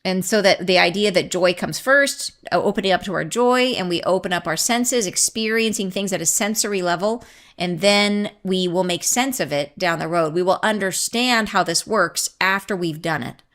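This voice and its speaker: Woman, podcast host; chatty and excitable, loose spiritual talk, prone to tangents. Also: on the low side, normal speed. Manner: chatty, rambling, goes off on tangents; laughs often, excitable. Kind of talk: casual spiritual talk to listeners.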